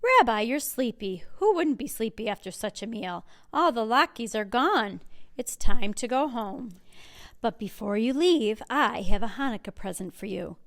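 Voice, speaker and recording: A woman reading a picture book aloud and voicing a kind, cheerful old grandmother who fusses over a guest and scolds gently. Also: on the high side, animated, measured pace. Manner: warm, fussing, chatty and gently scolding.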